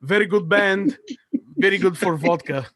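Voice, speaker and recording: A man's voice: high-pitched, moderate pace, a bit bright. A man putting on a clipped mock-Russian hockey goalie. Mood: deadpan. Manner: clipped broken phrases.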